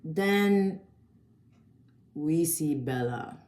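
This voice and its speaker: A woman with a notably low voice talks through a film review in a loose, slangy way, swearing freely. The sound is roomy and echoey. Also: expressive, drawn-out words, darkish tone. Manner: chatty, slangy and profane. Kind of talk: casual video review. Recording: echoey room.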